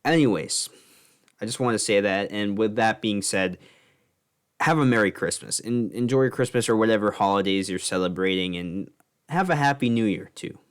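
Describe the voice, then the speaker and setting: A man's voice: lowish voice, normal speed, smooth. A man doing a comedic monologue as a vlogger, sarcastic and swearing, with rants that climb into mock outrage.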